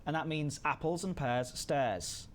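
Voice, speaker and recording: A man's voice: fairly high pitch, a little slow. A man hosting a casual livestream, chatty and self-deprecating, reading chat messages aloud. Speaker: livestream host.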